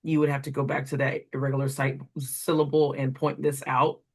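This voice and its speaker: A woman's voice: very deep voice, flat delivery, fairly quick. A woman walking through reading correction steps as a tutor trainer, explaining step by step with fillers while pointing at examples. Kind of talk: instructional walkthrough.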